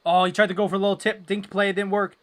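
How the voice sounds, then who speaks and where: A young man hosting a casual live hockey watchalong, rambling with lots of fillers and breaking into loud exasperation. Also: high-pitched, little pitch movement, fast talker. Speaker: livestream watchalong host.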